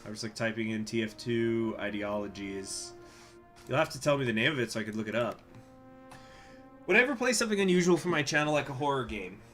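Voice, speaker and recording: A man streaming a strategy game, chatting with viewers, reading event text aloud and breaking into loud, swearing surprise. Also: mid-range voice, lively intonation, fast talker, faint music behind. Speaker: gaming streamer.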